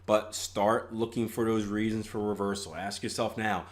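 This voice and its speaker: Casually chatting on his live trading stream, a young host reads viewer comments aloud and laughs at his own jokes, often restarting and using um as filler. He speaks at a moderate pace in a fairly low voice with little pitch movement.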